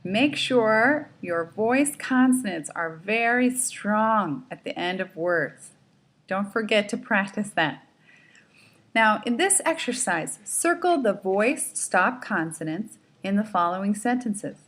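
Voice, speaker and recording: A woman with an expressive, mid-range, slightly bright voice teaches a slow pronunciation lesson, saying every word and sentence twice with careful, exaggerated enunciation.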